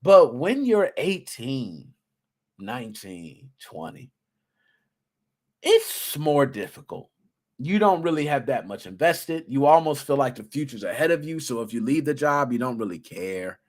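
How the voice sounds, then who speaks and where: A man in his thirties hosting a podcast, chatting casually and telling work stories in a slangy, animated way, acting out what people said. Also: mid-range voice, unhurried. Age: 30s. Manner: animated storytelling, slangy, acts out quotes. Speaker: podcast host. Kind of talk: casual solo podcast talk.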